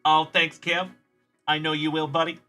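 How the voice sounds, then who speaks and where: A man with a bright, slightly high voice hosts a card-opening livestream. He chats warmly with viewers as he reads their comments, calling them buddy, while faint music plays behind him. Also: completely flat delivery, moderate pace. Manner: upbeat and friendly, calling viewers buddy and brother. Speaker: host of a card-breaking livestream. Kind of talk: live stream chat, reading viewer comments.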